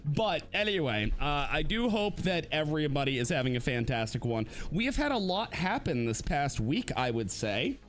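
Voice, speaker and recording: A man co-hosting a live-streamed podcast, talking casually and laughing often, with quick swings into mocking put-on voices. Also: on the high side, sing-song, a little hiss or hum. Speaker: podcast co-host.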